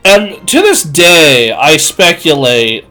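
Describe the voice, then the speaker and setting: A man's voice: a little high, big pitch swings, takes it slowly, pushed and bright, faint music behind. Rambling, crude man telling a story on stream. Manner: rambling, crude, self-mocking, many fillers.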